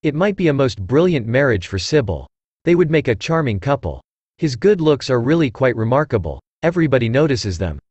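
A man's voice: medium pitch, big pitch swings, brisk, darkish tone, slightly rough, dry recording. A synthesized male voice reading the lines of a placid, vain middle-aged mother who was once an actress, in genteel, complacent speech, as in an audiobook.

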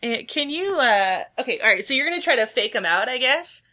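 A woman running a tabletop game as game master, narrating haltingly with many fillers. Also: a little high, sing-song, pushed and bright.

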